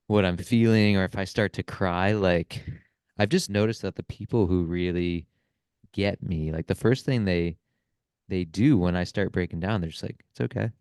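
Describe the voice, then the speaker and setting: Deep smooth-voiced man, earnest host. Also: a little mellow, dry recording, clean studio sound. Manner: earnest, often ends thoughts with "right?". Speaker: podcast host. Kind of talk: reflective casual conversation.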